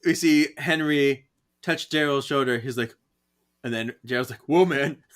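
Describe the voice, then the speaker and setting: A man's voice: medium pitch, moderate pace, a bit bright, clean tone. A man co-hosting a podcast, chatting casually as he recaps a comic and giggles at it. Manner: giggly, acts out quoted lines. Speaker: podcast co-host.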